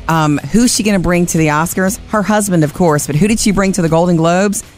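A woman co-hosting a morning radio show, reading entertainment news and bantering in a lively, teasing way. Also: fairly low pitch, fairly quick, soft background music.

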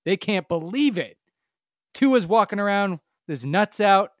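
A man's voice: high voice, animated, a little slow, no room sound, clean studio sound. A man co-hosting a casual sports podcast, emphatic and mocking, swearing freely. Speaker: podcast co-host.

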